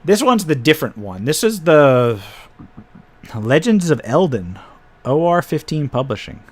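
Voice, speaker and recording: A man's voice: a little high, a bit bright. Man rambling through game PDFs on stream. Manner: thinking aloud while paging through files, with frequent wry asides. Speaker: host reviewing tabletop game PDFs. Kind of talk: casual live-stream commentary.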